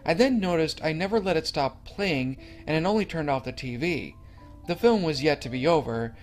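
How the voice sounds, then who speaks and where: A man's voice: a little high, expressive, moderate pace. Man reading a creepypasta over faint music. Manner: earnest, slightly stumbling reading. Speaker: narrator.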